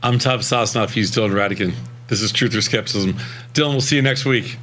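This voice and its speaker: A man's voice: on the low side, fairly quick, fairly bright tone. A man hosting a talk show, joking around with his co-host in short remarks. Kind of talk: casual market talk show banter.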